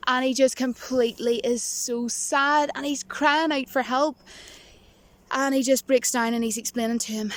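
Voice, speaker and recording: A woman's voice: sits high, fairly even intonation, moderate pace. A woman vlogger chatting casually to camera, rambling and giggling, with a touch of self-mocking nerves. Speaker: movie vlogger.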